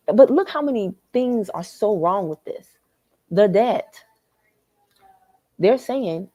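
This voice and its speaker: A woman with a Southern American accent hosting a livestream, talking straight to her viewers in a worked-up, animated way from a hotel lobby. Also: medium pitch, takes it slowly, long pauses, no echo. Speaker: livestream host. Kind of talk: animated live chat reading comments.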